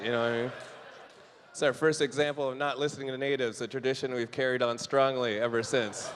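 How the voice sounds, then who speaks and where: A young Canadian stand-up talks fairly quickly in a mid-range, slightly bright voice with a steady tone. On a club stage with a handheld mic, he jokes with the audience and acts out quoted voices; the live room has long reverb and there's a little hiss or hum.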